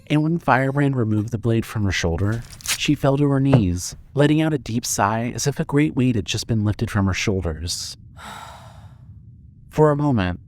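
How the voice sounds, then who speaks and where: A man narrating a fan audio drama with steady storytelling. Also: medium pitch, a little hiss or hum.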